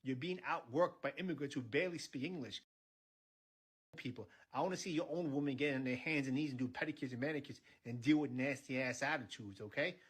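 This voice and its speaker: A man's voice: mid-range voice, a little fast, husky. A man in a rant video, sarcastic and combative, rattling off lists.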